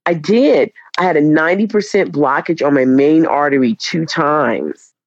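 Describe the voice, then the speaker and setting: A woman's voice: low-pitched, normal speed. A woman, a teacher and podcast guest, telling dramatic, profane stories in casual chat. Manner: animated, profane, dramatic storyteller. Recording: dull, dry lo-fi recording.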